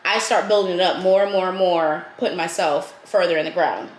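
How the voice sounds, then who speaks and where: A woman's voice: on the low side, fairly quick, echoey room, noisy background. A woman co-hosting a casual podcast chat, explaining herself in a reflective way with lots of "like.". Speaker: podcast co-host.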